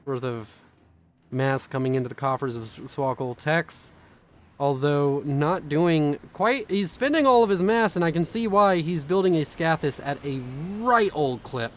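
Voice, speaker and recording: A young man casting a strategy video game with quick, chatty, self-mocking commentary, sounding tired. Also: on the high side. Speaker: game caster.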